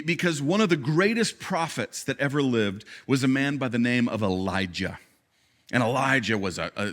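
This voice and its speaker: During a church service, a male pastor delivers his sermon with spirited storytelling, moving between soft asides and loud, forceful peaks. His voice is medium-pitched, and he often repeats words as he restarts.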